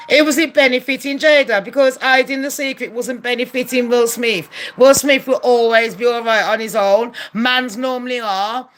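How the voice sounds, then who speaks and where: A woman's voice: high-pitched, fairly even intonation, moderate pace, few pauses, soft background music. A woman ranting bluntly to camera, heated and profane, firing rhetorical questions. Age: adult. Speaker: commentary vlogger. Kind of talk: opinionated rant to camera.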